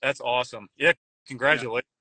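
A man chatting casually as a guest, rambling and halting with frequent restarts. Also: mid-range voice, steady tone, sharp tone, husky, dry recording. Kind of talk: casual chat. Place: Nashville.

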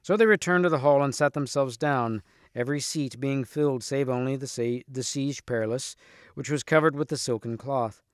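A man reading a storybook aloud with steady, clear narration. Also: mid-range voice, moderate pace, dry recording, studio quality. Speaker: reader.

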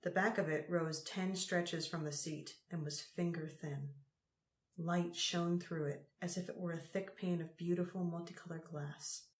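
Her audiobook reading is unhurried and measured, with fairly even intonation. The woman's voice is somewhat low, and the room adds noticeable echo.

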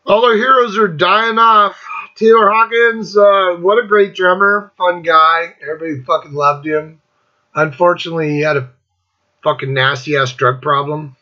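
A man's voice: high voice, fairly even intonation, moderate pace, pushed and bright, highs cut off. A man in his fifties hosting a casual rant, blunt and profane, rambling between thoughts. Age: 50s. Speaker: host.

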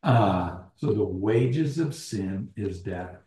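Slow, dark-voiced man leading Bible study. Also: on the low side, lively intonation. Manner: deliberate, restating phrases and posing questions to the group. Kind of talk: teaching a small-group Bible study. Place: church meeting room. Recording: roomy echo.

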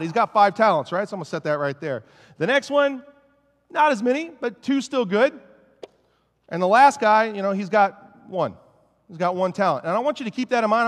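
A male pastor delivers an animated, conversational sermon, jokey and self-aware. His voice sits a little above the usual male range. It carries the long, lingering reverb of a church sanctuary. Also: on the high side. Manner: casual, joking, animated preaching.

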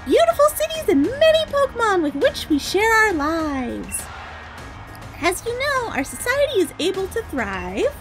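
A woman's voice: very high-pitched, huge pitch swings, unhurried, faint music behind, exaggerated voice. A woman reading a grand male game presenter's dialogue aloud, announcer-like. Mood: proclaiming.

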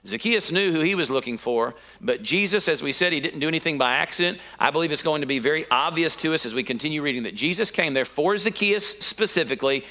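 A man preaches a sermon, telling the story with lively energy and leaping up in pitch when something surprises him. His voice is bright and a little high for a man. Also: fast, few pauses. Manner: animated storytelling with sudden high-pitched exclamations.

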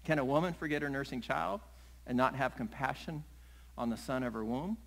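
Middle-aged male pastor, mid-pitch voice, lively sermon delivery that slips into acted-out voices. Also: brisk, gravelly, low-quality recording. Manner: animated, acts out scenes with voices and laughs.

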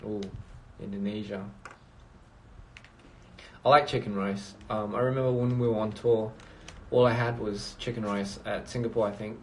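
A man's voice: lowish voice, fairly even intonation, moderate pace, a little hiss or hum. Man rambling on a phone livestream. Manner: rambling, reads out viewer comments. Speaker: livestream host. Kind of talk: casual livestream chat.

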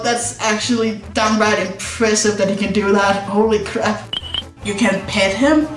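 A woman's voice: medium pitch, unhurried. A woman doing let's play commentary, reading game text aloud, giggly and swearing in disbelief. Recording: echoey room with music behind.

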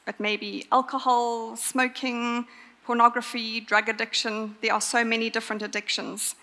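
A woman preaches a sermon with a bright, forceful voice set fairly high. She talks earnestly and leans hard on her key points, and her words ring out with the long echo of a church hall. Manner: earnest, emphatic, with pauses for stress.

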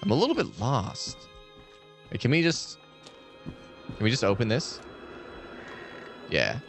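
A man's voice: mid-range voice, wildly swooping pitch, measured pace, creaky, soft background music. A man chatting loosely with viewers while streaming a horror game, rambling and swearing freely. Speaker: gaming live streamer. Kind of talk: casual live-stream game commentary.

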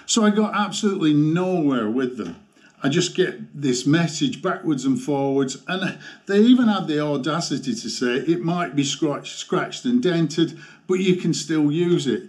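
A man giving a motorcycle gear review in a vlog, ranting with exasperation and halting restarts. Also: a little high, expressive, a little mellow.

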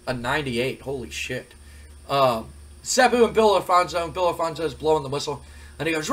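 A man giving casual let's-play commentary on a wrestling game, reading out results in a relaxed, chatty way. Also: fairly high pitch, brisk.

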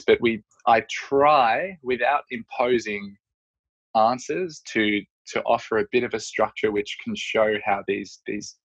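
A man's voice: on the low side, slightly rough. A man speaking as a coach and podcast guest in casual, reflective chat, searching for his words. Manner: reflective, searching, many fillers. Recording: dull lo-fi audio.

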